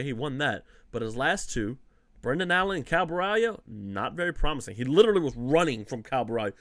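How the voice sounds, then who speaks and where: A man talks through fight picks in a loose, off-the-cuff way, with his pitch swinging up and down a lot. His voice sounds close and dry, with almost no room sound. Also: no room sound. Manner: loose and conversational, with many fillers and repeats. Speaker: host. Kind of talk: casual fight analysis.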